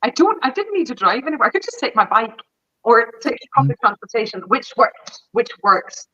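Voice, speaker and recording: A woman from Denmark chatting casually as a guest, with quick asides. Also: fairly high pitch, very animated, sharp tone, no room sound, highs cut off. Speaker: guest performer. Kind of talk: casual chat.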